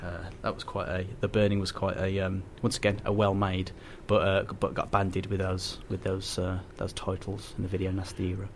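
Halting, chuckling man with a low voice. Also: completely flat delivery, a little hiss or hum. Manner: enthusiastic, halting, chuckles often. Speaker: guest. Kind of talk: casual radio chat.

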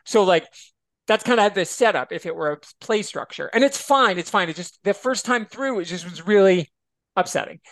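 A man's voice: high voice, normal speed, dry recording. A man guesting on a podcast, chatting casually and expressively and swearing freely. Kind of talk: casual chat.

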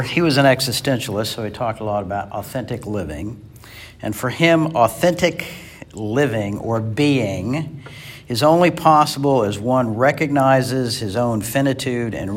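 Man teaching a church Bible class. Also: medium pitch.

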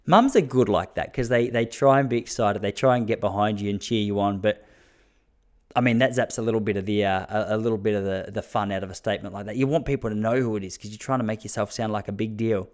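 A man in his thirties with an Australian accent, a comedian and podcast host telling stories in a casual monologue, animated and chatty with frequent restarts. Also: fairly low pitch, quick pace.

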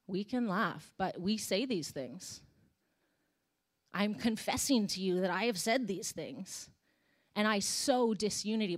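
A young woman, a worship leader, preaching a candid, conversational sermon with sighs and emotional moments. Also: mid-range voice.

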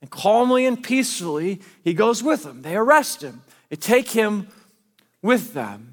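High-voiced pastor preaching in a reverberant hall. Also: male voice, big pitch swings, measured pace. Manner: conversational storytelling, paraphrasing scripture in casual modern speech. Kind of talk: sermon.

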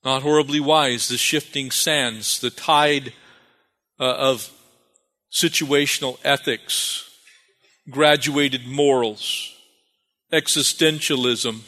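A man's voice: medium pitch, steady tone, slow pace, pauses often, bright, forceful tone. A man preaching a sermon as pastor, calling for amens and repeating phrases for emphasis. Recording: long reverb of a hall.

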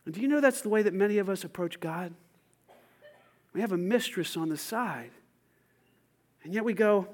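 A man preaching a sermon as pastor, swinging between loud calls and hushed asides. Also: very high-pitched, normal speed, long pauses.

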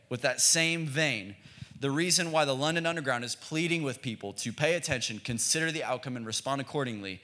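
Young American pastor, bright, lively tone, easygoing and jokey, pulls the congregation in to answer back. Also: male voice, on the high side. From United States. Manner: casual, joking, calls for congregation responses. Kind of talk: sermon.

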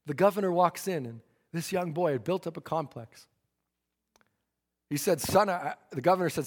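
A man's voice: on the high side, normal speed, long pauses. A man preaching a fervent revival sermon, stammering into restarts and acting out the people in his story. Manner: fervent, stammering restarts, acts out quoted voices. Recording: long church reverb.

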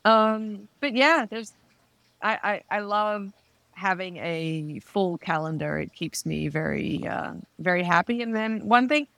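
An Australian woman as a podcast guest, talking in a lively casual way and acting out quoted voices. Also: medium pitch, unhurried, creaky, no echo.

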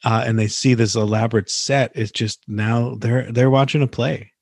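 A man's voice: mid-range voice, fairly even intonation, moderate pace, no room sound, studio quality. A man hosting a casual chat as an improviser, talking in an eager, rambling way and laughing often. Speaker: podcast host, improviser.

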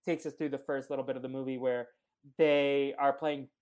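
Relaxed man recapping a movie, full of fillers. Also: mid-range voice, normal speed. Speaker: podcast guest. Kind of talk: casual chat.

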